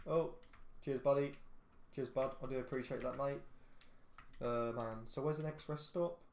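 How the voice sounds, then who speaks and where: A man's voice: medium pitch, steady tone, gravelly. Rambling teenage boy gamer. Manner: rambling, repeats himself, quick outbursts at traffic. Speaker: gaming channel host. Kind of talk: casual gameplay commentary. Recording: roomy echo, faint background noise.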